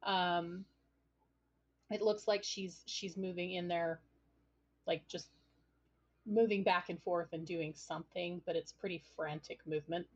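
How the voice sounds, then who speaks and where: A woman's voice: lowish voice, steady tone, a little slow, pauses often, husky, lo-fi sound. A woman narrating as game master of a tabletop game, speaking in a descriptive, hesitant way with frequent fillers.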